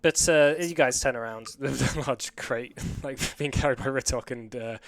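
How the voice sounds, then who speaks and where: A young man as game master, rambling through scene descriptions at a middle pitch, full of filler words. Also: moderate pace, gravelly, a little hiss or hum. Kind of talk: narrating a tabletop game.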